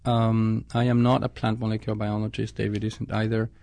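Creaky-voiced male scientist, thoughtful. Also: lowish voice, little pitch movement, fairly quick, a little mellow, dry recording. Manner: thoughtful, with frequent restarts and self-corrections. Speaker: scientist interviewed about his research. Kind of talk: reflective interview answers.

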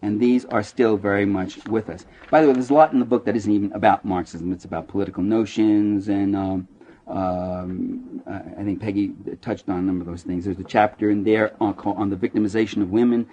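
A man giving a talk about his book in a bookstore, an animated storyteller who jokes, acts out quoted voices and restarts his sentences. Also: lowish voice, a little fast, lo-fi sound, slight background noise.

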